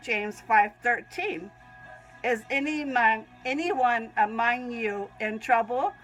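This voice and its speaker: A woman's voice: a little high, slow pace, fairly bright tone, faint music behind, poor audio. A woman with a Southern US accent reads her own Christian writing aloud, often breaking off to sneeze and giggle. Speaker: Christian vlogger.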